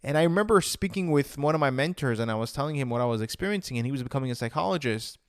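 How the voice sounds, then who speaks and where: A man's voice: mid-range voice, animated, rapid-fire, clean tone, dry recording, studio quality. A man telling his personal story, re-enacting his own past words with rising emotion and saying "I'm like" again and again.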